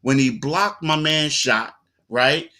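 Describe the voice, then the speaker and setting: This man, a sports talk show co-host, tells his stories in a relaxed and lively manner, often quoting others along the way. He speaks slowly, with a voice on the high side.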